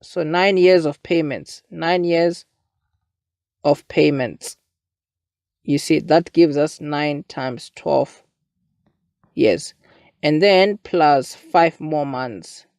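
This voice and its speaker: A man's voice: fairly high pitch, extremely slow, gravelly, long pauses, a little mellow, dry recording, studio quality. A young man, talking casually through a maths exam paper as a tutor and often asking "you see". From South Africa. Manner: chatty, asks listeners "you see".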